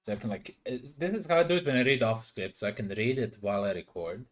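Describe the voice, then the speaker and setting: In this casual livestream, a young man talks fast at a medium pitch into a desk microphone in a room at home. He swears as he chats with his viewers, and he sounds self-conscious.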